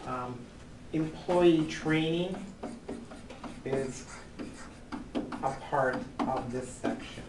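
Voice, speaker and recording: A man's voice: medium pitch, drawn-out words, pauses often, background noise. A man teaching a college class, lecturing with frequent ums and "right?" checks. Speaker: college accounting instructor.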